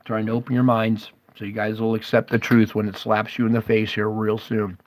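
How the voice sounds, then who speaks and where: A man hosts a conspiracy video, rambling and interrupting himself to ask the viewer questions, repeatedly saying "okay?". His voice is on the low side and monotone, his delivery brisk, with no echo.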